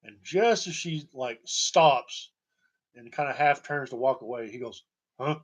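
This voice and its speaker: A man's voice: mid-range voice, lively intonation, unhurried. A middle-aged man from Tennessee, hosting a podcast and telling stories in a folksy, chuckling way. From Tennessee, USA. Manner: chuckling, folksy, laughs between lines. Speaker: podcast host. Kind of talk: casual storytelling.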